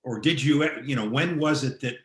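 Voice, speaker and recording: A man hosting an interview, reacting briefly and asking halting questions. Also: mid-range voice, a bit bright, roomy sound. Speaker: interview host. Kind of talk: conversational interview.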